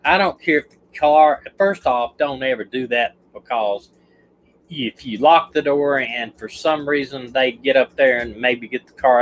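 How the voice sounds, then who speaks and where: Heard through a low-quality recording with slight background noise, a medium-pitched Southern man, a retired detective, hosts a livestream about a case. He talks casually and rambles, restarting sentences and stumbling over his words.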